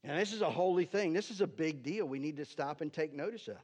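A man's voice: a little high, quick pace, darkish tone. A man, a pastor, giving a sermon in a conversational teaching style and often checking in with "right?". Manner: conversational, keeps asking "right?"; talks to the slide operator between points. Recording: dull lo-fi sound.

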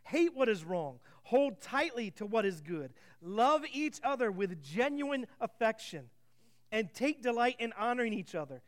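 A man preaching a sermon as pastor, reading scripture aloud and asking the congregation rhetorical questions. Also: high-pitched. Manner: reads scripture aloud with emphasis.

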